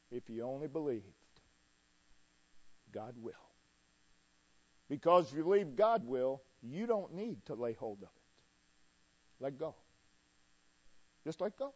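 A man preaching a sermon emphatically, swinging between loud declarations and hushed repeated refrains. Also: medium pitch, big pitch swings, takes it slowly, long pauses, lo-fi sound.

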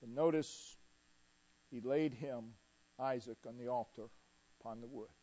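A man preaching a sermon emphatically, swinging between loud declarations and hushed repeated refrains. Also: medium pitch, a little slow, lo-fi sound.

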